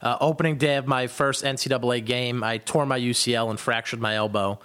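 A man's voice: medium pitch, steady tone, a little fast, a bit bright, clean tone. Easygoing comedian man chatting. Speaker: comedian guest. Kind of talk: casual chat.

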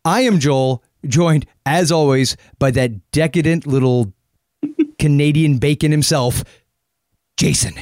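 A man's voice: fairly high pitch, unhurried, darkish tone, no room sound, studio quality. A man hosting a podcast in casual chat, joking and rambling. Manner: joking, rambling, lots of restarts. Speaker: podcast host.

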